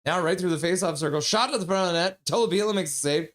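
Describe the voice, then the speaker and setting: A man calls a hockey game live for his stream, quick to get excited and blunt in his judgments. His voice sits a little higher than most men's, and he slides easily between play-by-play and casual banter with chat. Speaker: streamer doing fan play-by-play.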